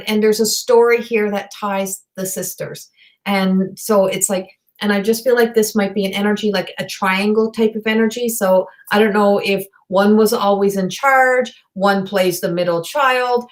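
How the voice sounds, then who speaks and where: A woman giving a live online psychic reading. She talks in a halting, rambling way, full of fillers and restarts, and passes on messages in a direct, earnest manner. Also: medium pitch. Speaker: psychic medium. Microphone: video call or webcam.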